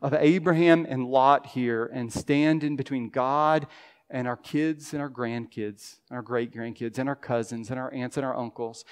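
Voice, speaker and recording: A man's voice: mid-range voice, a little mellow, clean tone. A male pastor preaching an impassioned sermon in a church, voicing pleading prayers. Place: church sanctuary.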